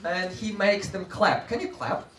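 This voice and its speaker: A man's voice: high voice, measured pace, a bit bright. A man with a Russian accent, a teacher trainer giving a playful live workshop talk and demonstrating classroom chants. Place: training room with live audience. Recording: echoey room, mic from far off. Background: crowd of trainees.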